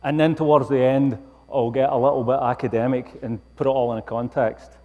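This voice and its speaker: A Scottish man gives a lecture in a wry, self-mocking tone. His voice sits at an ordinary middle pitch. It carries a long reverb from a large hall. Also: fairly even intonation, a little fast, lo-fi sound. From Scotland. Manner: wry, self-deprecating humor. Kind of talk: public lecture.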